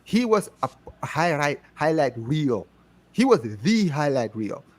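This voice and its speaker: A man's voice: on the high side, sing-song, a little slow, a little mellow. A man with an African accent, a guest in casual chat, talking passionately and repeating himself for emphasis. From United States. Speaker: guest on a fan show.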